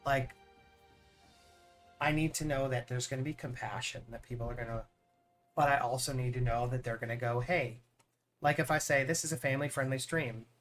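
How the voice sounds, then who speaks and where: A man's voice: mid-range voice, fairly even intonation, a little fast, long pauses, a bit bright. Guy streamer rambling earnestly, kinda repeats himself, mid voice, faint music behind. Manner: rambling, earnest, repeats words when starting a thought. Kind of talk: casual chat on a live stream.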